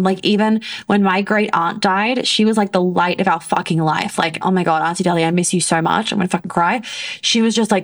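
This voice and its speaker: A woman hosting a casual solo podcast, talking bluntly in a rambling way with heavy swearing. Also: on the low side. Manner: frequent fillers and restarts. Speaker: podcast host.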